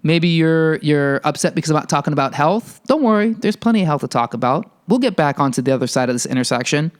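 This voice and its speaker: A male podcast host delivering a heated, profane ranting monologue, telling a story with animated energy. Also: a little high, quick pace, clear, resonant tone.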